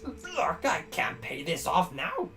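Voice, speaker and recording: A man voicing a gruff, evasive older town doctor in a video game reading. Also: high voice, huge pitch swings, slow pace, loud music behind the voice, heavily acted.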